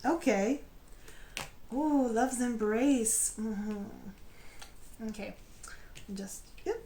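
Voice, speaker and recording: A woman giving a tarot card reading in a chatty, animated way, acting out imagined feelings and often laughing or trailing off mid-sentence. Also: on the high side, extremely slow, a little hiss or hum. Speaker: tarot reader. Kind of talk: intuitive tarot reading to camera.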